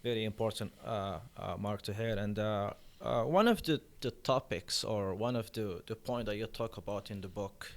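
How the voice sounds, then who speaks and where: Low-voiced halting podcast host. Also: male voice, steady tone, creaky. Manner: hesitant, many uh fillers, halting phrasing. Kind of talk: podcast interview.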